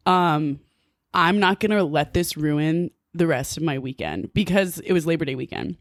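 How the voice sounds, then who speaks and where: A woman from New Jersey, a podcast guest, telling a story in a casual, animated way, full of "like" and quick laughs. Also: deep voice, dry recording, clean studio sound. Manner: animated, filler-heavy with frequent "like", laughs often.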